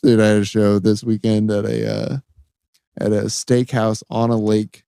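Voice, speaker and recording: A man's voice: lowish voice, little pitch movement, moderate pace, creaky, mellow, clear, resonant tone, no room sound. A man, bantering crudely as a comedy podcast co-host. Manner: crude joking with put-on voices.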